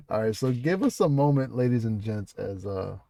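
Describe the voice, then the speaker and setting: A man's voice: mid-range voice, sing-song, measured pace, gravelly, warm tone. A man hosting a casual interview over a video call, laughing often and talking loosely with plenty of fillers and swearing. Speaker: podcast host.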